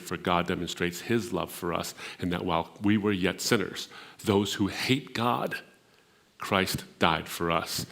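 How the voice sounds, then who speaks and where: A man's voice: low voice, vocal fry, a bit bright. A middle-aged man from the Middle East giving a sermon, telling a story and building to emphatic peaks, sometimes repeating words as he finds the next phrase. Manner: storytelling, rising to emphatic peaks on key points. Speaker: speaker at a Christian gathering.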